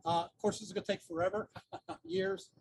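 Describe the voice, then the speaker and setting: A man's voice: high voice, steady tone, brisk, rough recording. A man giving an outdoor lecture, retelling a myth in a chatty way with humorous asides. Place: outdoors near a busy street corner. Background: faint traffic noise.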